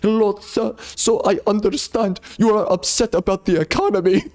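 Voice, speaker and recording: A man mimicking a male call-center agent who speaks halting, overly polite broken English in a mock Indian accent. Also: sits high, darkish tone, voice pushed up. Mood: stammering polite.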